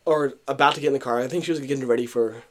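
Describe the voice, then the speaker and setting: A young man co-hosting a podcast tells a story in casual chat, acting out what people said and using lots of fillers and restarts. His voice is medium-pitched with fairly even intonation, and he talks rapid-fire.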